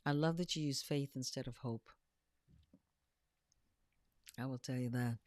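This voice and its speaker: A woman co-hosting a casual panel chat, telling animated stories and acting out what people say. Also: very deep voice, unhurried, no echo, studio quality. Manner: animated storyteller who acts out quotes. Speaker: podcast co-host.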